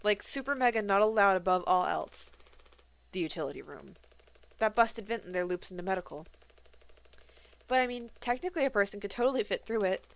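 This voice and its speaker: A woman voicing a panicky, nervous young crewman who talks in a fretful, rushed way. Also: medium pitch, expressive, gravelly.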